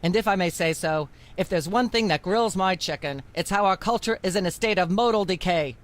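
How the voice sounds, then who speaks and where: A woman's voice: lowish voice, fairly quick, lightly acted. A woman voicing a haughty, condescending female talk show host in a video game, talking in a prim, lecturing way.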